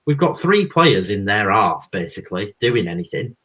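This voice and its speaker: A man's voice: fairly low pitch, very animated, moderate pace, a bit bright, slightly rough, poor audio. A man co-hosting a live football watchalong, chatting casually and grumbling about the play. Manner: grumbling, critical remarks. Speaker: co-host of a fan watchalong stream. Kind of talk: casual match chat.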